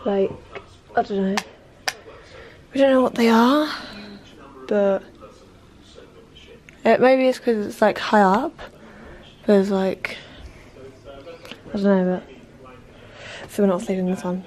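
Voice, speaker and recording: Slow, giggly young woman vlogging. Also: mid-range voice, darkish tone. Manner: chatty and giggly, rambling with "like" and "um". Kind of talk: casual vlog chat. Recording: noisy handheld vlog recording.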